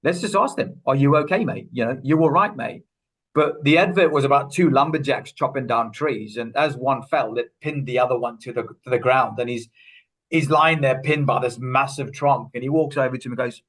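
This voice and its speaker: Man, mid pitch, earnest, anecdotal, casual interview. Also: moderate pace, fairly bright tone, rough recording. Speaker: student wellbeing officer.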